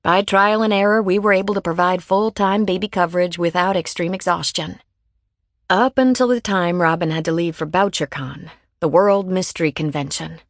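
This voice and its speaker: A woman reading a first-person audiobook in a measured, even storytelling manner, on a close studio mic. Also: fairly low pitch, no echo. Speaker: audiobook narrator.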